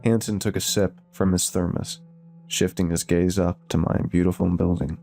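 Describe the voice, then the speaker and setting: A man narrating a scripted horror story in a steady, measured way. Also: sits low, vocal fry. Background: faint music.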